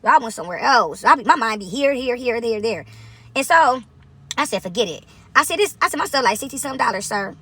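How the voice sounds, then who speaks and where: A woman telling a long casual story to her viewers, chatty and animated, tossing in "right?" after almost every point. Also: a little high, fast talker, slightly rough. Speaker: vlogger.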